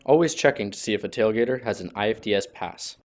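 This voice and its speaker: A man's voice: fairly low pitch, expressive, quick pace, over loud music. A man narrating a training video in a wry, mock-serious scripted way.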